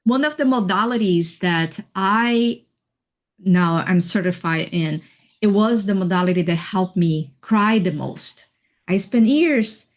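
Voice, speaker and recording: A woman guest on a video call, telling her own story slowly and thoughtfully, with soft laughs and fillers. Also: mid-range voice. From Hawaii. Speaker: interview guest, healer and life coach. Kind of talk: reflective personal storytelling.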